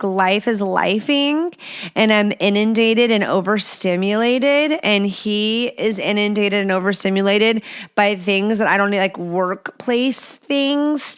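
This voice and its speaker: Smooth and medium-pitched, this podcast host's voice carries her blunt, frank answers to listener questions. She's chatty, curses without hesitation, and leans heavily on fillers.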